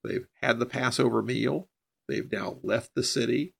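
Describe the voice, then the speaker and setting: A man's voice: medium pitch, unhurried, vocal fry, a bit bright, husky. A man teaching a Bible passage verse by verse on a podcast, explaining each verse plainly and then driving home the key points.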